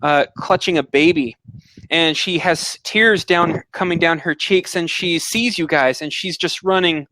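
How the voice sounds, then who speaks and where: A game master narrating a tabletop adventure scene, describing it at length and filling pauses with ums and uhs. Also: mid-range voice, pushed and bright, no room sound, rough recording.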